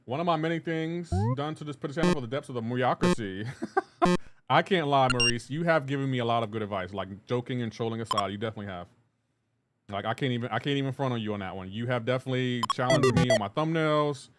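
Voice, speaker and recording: A man's voice: mid-range voice, fast, very noisy. Laid-back man chatting on a game stream. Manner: laid-back, reads chat messages aloud and answers them; rambling with frequent restarts and asides to gameplay. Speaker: live streamer. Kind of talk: casual gaming livestream chat.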